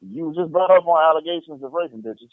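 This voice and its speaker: A man's voice: on the high side, animated, brisk, dry recording, phone-quality sound. A man co-hosting a podcast, giving opinionated, slangy, rambling takes in casual chat. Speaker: podcast co-host.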